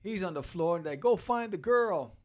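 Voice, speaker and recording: A man hosting a podcast, walking casually through a comic book and acting out its quotes in quick voices. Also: sits high, animated, a little mellow. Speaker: podcast host.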